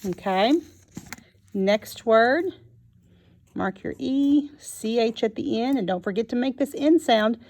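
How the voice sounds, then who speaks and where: A woman teaching a phonics lesson to young children, sounding out each word slowly and clearly. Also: fairly high pitch, a little mellow. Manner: slow and clear, sounding out words.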